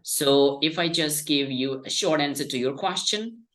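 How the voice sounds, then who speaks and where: A man's voice: on the high side, a bit bright. A man teaching an online English class over a video call, answering questions patiently and repeating "all right" a lot. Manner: slow, patient explaining with frequent "all right".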